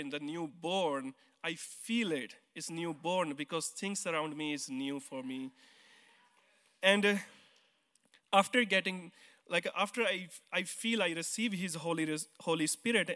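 A man's voice: on the high side, unhurried, pushed and bright. Earnest Indian man testifying in church. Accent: Indian English. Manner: simple, earnest, non-native grammar, some hesitant restarts. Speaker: church member giving testimony. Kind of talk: personal testimony on stage. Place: church hall. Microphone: handheld mic. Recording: long reverb of a church hall.

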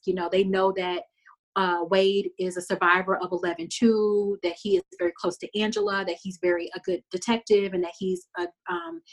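A woman from Texas hosting a podcast, retelling TV scenes in an animated, casual way full of fillers. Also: lowish voice. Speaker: podcast host recapping a TV show. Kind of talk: casual chat.

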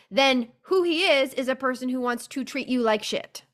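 A woman's voice: high voice, normal speed, a bit bright. A woman hosting a podcast, reacting emphatically and supportively in casual chat. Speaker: podcast host.

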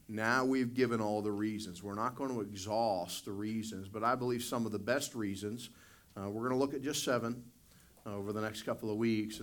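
Man, pastor, middle-aged, Sunday school sermon, earnest, builds in volume, average pitch. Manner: earnest preaching that builds louder and higher.

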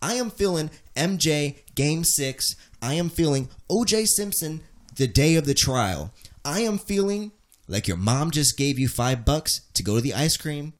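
A man's voice: on the high side, lively intonation, a little slow. Hyped, playful male podcast host. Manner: playful, hyped, jokey hype-man delivery. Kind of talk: casual podcast banter.

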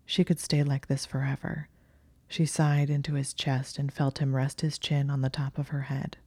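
An audiobook narrator reads fiction in a calm, steady storytelling way. The voice is mellow and level, with little rise or fall. The recording is close and dry. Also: mid-range voice, normal speed, no room sound. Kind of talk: scripted narration of fan fiction.

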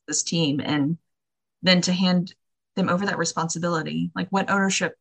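A woman's voice: on the low side, steady tone, moderate pace, gravelly, slightly rough. A woman as a podcast guest, chatting in a casual, earnest and encouraging way. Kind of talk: casual chat.

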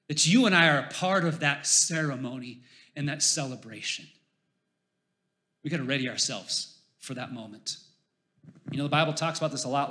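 A man with a bright, forceful voice pitched a little high preaches a sermon. He is animated, rising to loud emphasis and dropping to hushed lines, and tells stories with a jokey touch. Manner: jokey storyteller. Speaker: pastor.

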